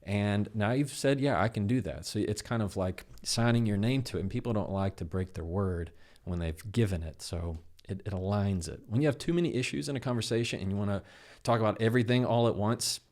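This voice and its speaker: Low-voiced man explaining conversations. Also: a little fast. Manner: animated, acts out quoted dialogue. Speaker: guest, communication expert. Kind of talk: conversational interview.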